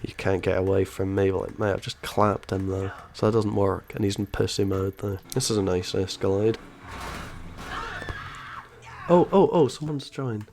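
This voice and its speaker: A man's voice: lowish voice, moderate pace, few pauses, a little mellow. Sarcastic gaming YouTuber man. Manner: sarcastic, mocking, uses "mate" constantly. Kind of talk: gameplay commentary and trash talk.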